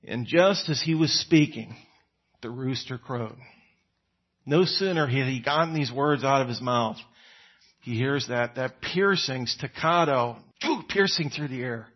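A man preaching a conversational sermon, acting out quoted lines with sudden rises in pitch and volume. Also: unhurried, slightly rough, muffled recording.

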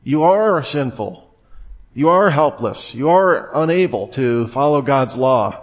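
A man giving expository Bible teaching, explaining a passage step by step and reading scripture aloud in a measured way. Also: medium pitch, animated.

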